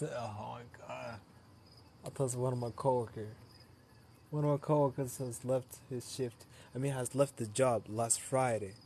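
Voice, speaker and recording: A man's voice: medium pitch, a little mellow, slight background noise. A tired young man chatting loosely with viewers on a late-night live stream, laughing often and talking into a phone he holds while outdoors.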